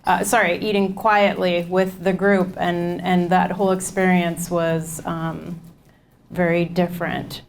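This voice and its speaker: A woman's voice: on the low side, flat delivery, a little slow, slight background noise. A woman leading a nutrition class, talking informally to a group and repeating their comments back to them. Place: community class room.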